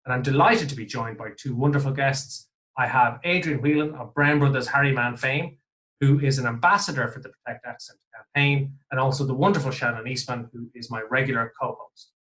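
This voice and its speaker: An Irish man hosts his podcast in a jovial, chatty way, poking fun at himself as he goes. His voice is bright and forward, pitched in the middle. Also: fairly quick. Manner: jovial, chatty, self-deprecating. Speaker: podcast host. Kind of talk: casual podcast chat.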